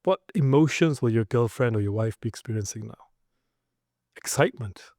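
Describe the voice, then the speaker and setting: Animated and speaking at normal speed, this male relationship coach has a mid-range, darkish voice captured in a dry, close recording. He delivers a blunt, emphatic instructional monologue, lecturing listeners and acting out examples.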